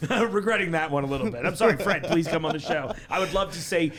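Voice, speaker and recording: A man co-hosting a relaxed podcast, his voice pitched slightly high. He talks in a chatty, joking way and fills in often with short replies while the other man speaks. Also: over a noisy crowd. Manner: chatty, jokey, quick with backchannels. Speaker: podcast co-host. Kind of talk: casual podcast chat.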